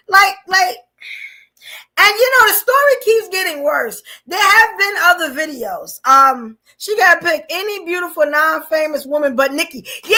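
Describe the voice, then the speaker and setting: A New York woman hosts a live podcast in a very high, bright, forceful voice. Her comments are blunt and animated, and she laughs often.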